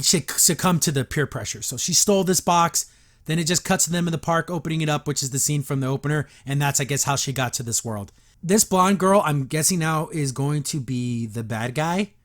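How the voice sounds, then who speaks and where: A man hosting a podcast, recapping and reviewing a cartoon episode in a loose, chatty way, laughing at gags and paraphrasing scenes. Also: a little high.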